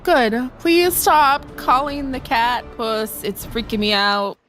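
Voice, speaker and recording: A woman's voice: on the high side, expressive, slow pace, a bit bright, faint music behind. A young woman chatting playfully on a game live stream, laughing often and reacting to chat.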